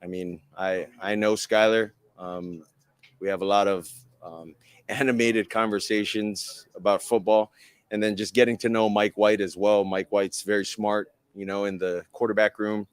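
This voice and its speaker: A man, a pro quarterback, answering a press question in a relaxed, hesitant way with many ums. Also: fairly low pitch, moderate pace, clear, resonant tone, dry recording.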